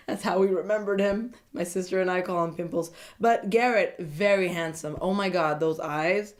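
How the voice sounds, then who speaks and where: A woman's voice: fairly low pitch, unhurried. Giggly, gossipy woman recapping TV. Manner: animated, giggly, gossipy, often laughing. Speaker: reality show recap vlogger. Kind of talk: casual chatty TV recap.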